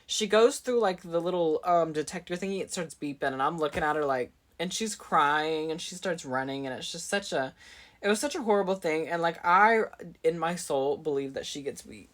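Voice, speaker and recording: A woman's voice: deep voice, normal speed. A young adult woman vlogger telling a dramatic story in casual chat, full of fillers and asides to her viewers. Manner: chatty, dramatic, filler-heavy with constant "like".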